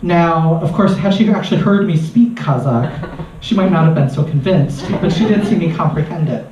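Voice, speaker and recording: A man, a researcher doing stand-up, telling a comic story on stage in an animated way and laughing at his own lines. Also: fairly high pitch, moderate pace, a little hiss or hum. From United States. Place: live comedy venue. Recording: distant, roomy, muffled live recording.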